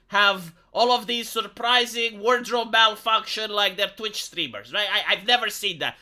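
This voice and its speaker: A man's voice: high-pitched, moderate pace, hardly any pauses, sharp tone. A man hosting a livestream, commenting in a sarcastic, rambling, mocking way. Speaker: livestream host.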